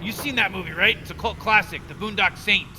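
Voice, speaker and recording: A man's voice: high voice, a little fast, pushed and bright. A man voicing a cynical, scheming mad scientist grandfather in a video game, rambling in a dismissive, condescending way. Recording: game audio with long reverb and faint noise.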